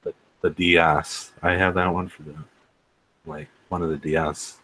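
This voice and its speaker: A man with a very low, deep voice chats casually as a podcast co-host. He tosses out quick, playful quips and keeps the talk light. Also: flat delivery, sharp tone, a little hiss or hum, poor audio. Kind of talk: casual chat.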